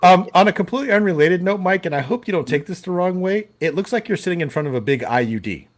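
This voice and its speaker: A man's voice: high-pitched, animated, quick pace, background noise. A man hosting a live stream over a video call, joking and laughing at his own teasing. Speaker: stream host. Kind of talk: casual live-stream chat.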